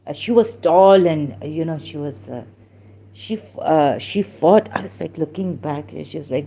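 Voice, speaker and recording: A woman from Pakistan, telling a personal story in a halting way, full of restarts and fillers and the odd Urdu phrase. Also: low voice, mellow.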